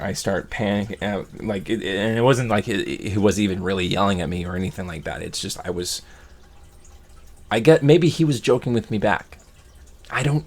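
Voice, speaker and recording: A man vlogging a personal story from his childhood, reflective and rambling, often restarting his sentences. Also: low voice.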